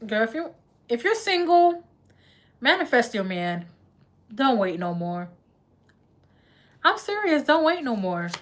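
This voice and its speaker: A woman's voice: fairly high pitch, sing-song, measured pace, long pauses. A woman doing a live tarot reading in a chatty, laughing, slangy way. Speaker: tarot reader.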